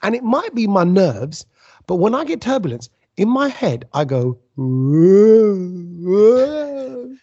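A husky, slightly high-voiced man spins animated stories in casual podcast chat. The audio is dull and lo-fi. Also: normal speed. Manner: animated storyteller, puts on silly voices. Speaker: podcast host.

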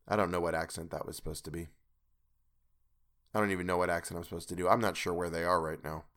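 A man's voice: low voice, fairly even intonation, quick pace, pauses often, a bit bright. A man reading a classic novel aloud in a home recording studio, swearing and grumbling at his own mistakes. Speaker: audiobook co-narrator. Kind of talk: reading aloud and bantering between takes.

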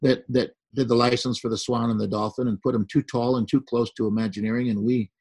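A man's voice: mid-range voice, flat delivery, fast talker, gravelly, darkish tone, husky, poor audio. An older man, a podcast guest, telling a long story in easy conversation and acting out the people he quotes.

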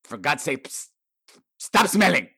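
A man's voice: on the high side, big pitch swings, measured pace, gravelly, pushed and bright, husky, no echo, studio quality, heavily acted. A man voicing a crude, insulting male gargoyle who introduces the show with mock grandeur. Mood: scornful. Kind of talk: comic character intro.

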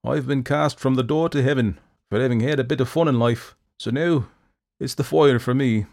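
A man reading a story, voicing a crafty, boastful drunkard in a raised, loud voice. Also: mid-range voice, normal speed, creaky, pitched above the performer's own voice, close to an everyday voice. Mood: protesting. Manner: brash and loud.

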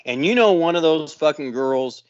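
A man in his forties, a podcast co-host, telling a profane story with lots of swearing and loud sound effects. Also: on the high side, animated, normal speed, no echo, highs cut off. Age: 40s.

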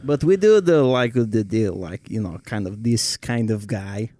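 A man's voice: fairly low pitch, animated, a little slow, mellow, no room sound, studio quality. A man in casual podcast chat who explains things eagerly and at length, swearing along the way.

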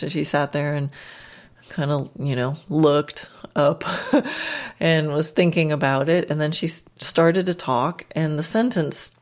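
A woman's voice: low voice, darkish tone. A woman podcast host and riding instructor telling a casual, chatty story with self-deprecating humor and frequent laughs.

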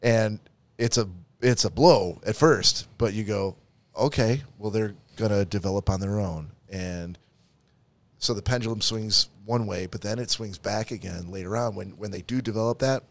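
A man's voice: fairly low pitch, normal speed, no room sound. A middle-aged man, a podcast co-host, talking casually in a rambling, self-interrupting, reflective way. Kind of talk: casual chat.

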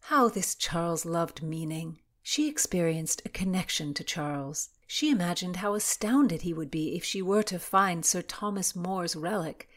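Woman narrating a historical novel. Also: lowish voice. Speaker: audiobook narrator. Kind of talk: scripted narration.

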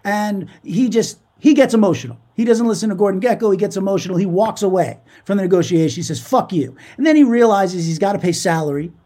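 A man co-hosting a podcast, retelling a business story in animated, profane casual chat. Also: sits high, fast talker, hardly any pauses. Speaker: podcast co-host.

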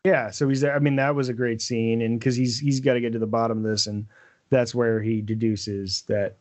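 A man's voice: medium pitch, little pitch movement, fairly quick, darkish tone. Rambling man in casual podcast chat. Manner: rambling, many fillers like "like" and "um". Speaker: podcast co-host.

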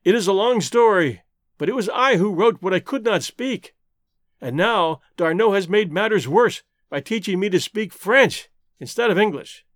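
A proud jungle hero, firm and intense, with a high, lively voice, as a male narrator does him. Each line is delivered close to the mic in a dry, closely miked read. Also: normal speed, dry recording. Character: strong, proud jungle man, intense and direct. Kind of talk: audiobook character voice.

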